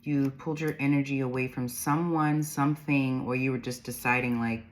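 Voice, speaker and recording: A woman's voice: rumbling low, fairly even intonation, normal speed. A woman giving an intuitive tarot reading, rambling through the cards, reading their meanings aloud and laughing often. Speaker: tarot reader.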